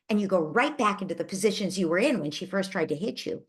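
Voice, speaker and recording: A woman's voice: mid-range voice, expressive, quick pace, hardly any pauses. A woman hosting a parenting Q&A who answers a parent's question with empathetic, reassuring coaching and thinks aloud with small restarts. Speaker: parenting advice host.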